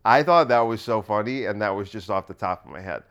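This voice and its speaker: A man's voice: on the low side, a little fast, a bit bright, clear, resonant tone. A comedian riffing off the top of his head, rambling and laughing at his own jokes. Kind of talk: solo comedy riff.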